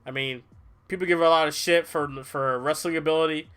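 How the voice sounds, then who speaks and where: A man's voice: fairly high pitch, fast talker, clear, resonant tone, soft background music. A young man casually reviewing a wrestling show on a livestream, rambling, swearing and tired from little sleep. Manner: rambling, animated, swears, mimics people in quotes.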